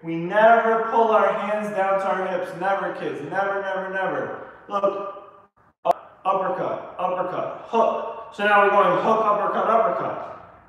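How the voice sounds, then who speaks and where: A man's voice: high-pitched, a little slow, a bit bright, heavy reverb, in a large hall, recorded from a distance, highs cut off. A man teaching kids martial arts in a live online class, calling out punch combinations and coaching. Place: training studio.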